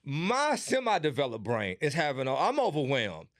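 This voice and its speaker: A man's voice: a little high, huge pitch swings, moderate pace, fairly bright tone, no room sound, studio quality. A man hosting a casual interview, reacting with exclamations and laughs. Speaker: podcast host.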